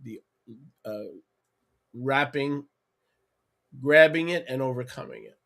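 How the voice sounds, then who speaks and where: A man's voice: medium pitch, takes it slowly, fairly bright tone. Affirming man in a faith discussion. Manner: affirming, echoes and sums up the other speaker. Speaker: co-host. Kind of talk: religious discussion.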